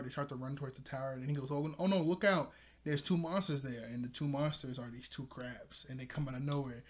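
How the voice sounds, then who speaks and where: Young male reviewer, slightly high voice, loose rambling recap. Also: a little mellow. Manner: rambling, laughs often, acts out lines in quick bits. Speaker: show reviewer. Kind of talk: casual episode recap.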